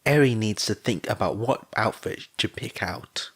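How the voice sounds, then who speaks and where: Man reading gentle caretaker scientist, low slow voice, audiobook. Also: breathy edge, exaggerated voice.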